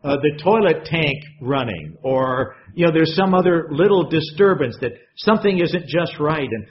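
Lively, chatty male preacher on a muffled recording. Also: fairly high pitch, normal speed, few pauses. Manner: conversational, asks the congregation questions. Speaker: pastor. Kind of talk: sermon. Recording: dull lo-fi sound.

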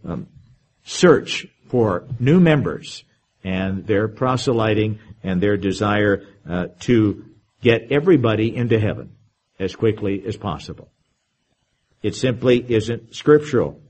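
A man with a husky, slightly breathy voice delivers a verse-by-verse sermon. He lifts his voice for the scripture readings and drops to a quieter, conversational tone for his comments. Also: animated, unhurried. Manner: reads scripture aloud with emphasis, then comments in a lower, conversational tone. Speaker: preacher. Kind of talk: sermon, verse-by-verse Bible teaching.

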